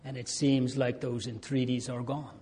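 A man preaching a sermon to his congregation, swinging between loud appeals and hushed near-whispers. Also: mid-range voice, little pitch movement, moderate pace.

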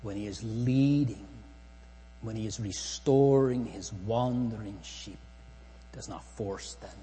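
A man preaching a solemn sermon, slow and measured, rising to emphatic phrases and sinking almost to a whisper. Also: lowish voice, mellow, husky. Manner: slow, solemn preaching with long pauses, swelling and dropping to near-whisper. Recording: long hall reverb, faint mains hum.

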